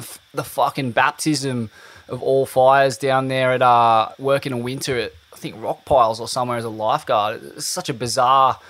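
A man's voice: medium pitch, a bit bright. A man hosting a podcast, casual and swearing freely while reading out listener questions. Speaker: podcast host. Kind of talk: casual interview chat.

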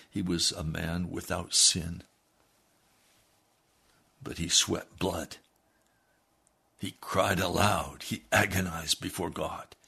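A man preaching a sermon, reading aloud from a book and then pleading with his listeners, dropping low and quiet and then building to loud, emphatic appeals. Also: creaky, slightly rough. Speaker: pastor.

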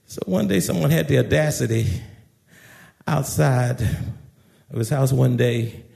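A male pastor preaching a sermon in a church, shouting at times and dropping to quiet asides. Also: mid-range voice, expressive, takes it slowly, gravelly. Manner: preaching with shouts, swinging loud and soft.

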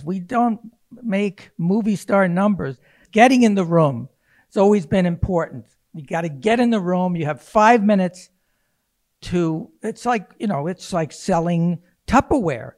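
A man's voice: high-pitched, darkish tone. A man, an actor interviewing a fellow actor, thinking aloud and restarting his phrases. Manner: searching for words, restarting phrases. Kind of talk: conversational interview.

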